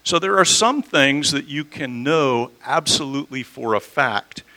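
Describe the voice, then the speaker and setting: A man's voice: mid-range voice, expressive, unhurried, pushed and bright, rough recording. A man preaching an expository sermon as a pastor in a church, talking conversationally and asking his listeners questions. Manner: conversational, asks the audience questions. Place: church sanctuary.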